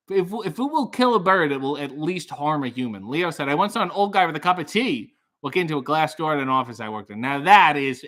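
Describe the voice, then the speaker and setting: A man hosting a live stream, reading out viewer comments with dry, deadpan asides that trail off quietly. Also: a little high. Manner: turns loud and upbeat when greeting a guest. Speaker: livestream host.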